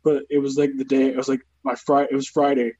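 A man's voice: mid-range voice, level tone, quick pace, dark tone, dull audio, a little hiss or hum. A young man, a comedian, telling stories casually with a lot of swearing and jokes about his own troubles. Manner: profane storytelling, joking about his troubles. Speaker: comedian guest. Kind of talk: casual podcast chat.

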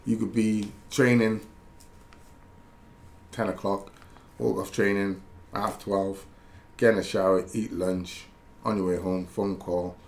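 A man's voice: fairly low pitch, flat delivery, takes it slowly. A man, a former footballer, telling rambling stories in casual chat, laughing and correcting himself as he goes. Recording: roomy echo with faint background noise.

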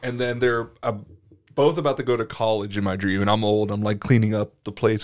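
Male co-host, slightly low voice; relaxed, profane storyteller who laughs easily. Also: a little fast. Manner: swears a lot, laughs often, animated storytelling. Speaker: podcast co-host. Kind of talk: casual chat.

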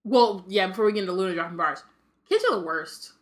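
A woman's voice: medium pitch, lively intonation, fast talker. A young woman hosting a podcast, chatting casually with lots of fillers and reading from a book. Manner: chatty, filler-heavy, joking. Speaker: podcast host.

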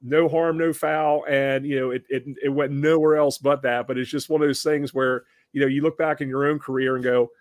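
A man hosting a podcast, telling a story casually with many restarts and animated impressions of the people in it. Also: mid-range voice, brisk, few pauses, no echo, clean studio sound. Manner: animated, acts out other people in raised voices; conversational with frequent restarts. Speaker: podcast host.

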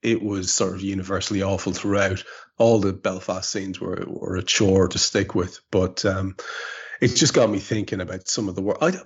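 Gravelly low-voiced Irish man. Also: fairly even intonation, normal speed, dull audio. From Ireland. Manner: chatty, wry, storytelling. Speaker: podcast host. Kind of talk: casual chat. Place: home in rural Ireland.

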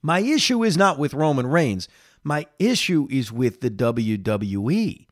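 Unhurried and medium-pitched, this podcast host reacts to things alone, giving animated opinions straight to listeners through a lingering cough. The studio sound is clean, with no room noise.

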